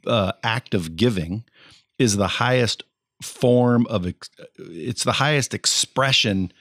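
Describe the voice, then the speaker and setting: A blunt, profane man hosting a podcast, lecturing his listeners and calling them folks. His voice sits on the low side. The studio sound is dry and close. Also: takes it slowly, fairly bright tone, dry recording. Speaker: podcast host. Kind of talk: casual podcast interview.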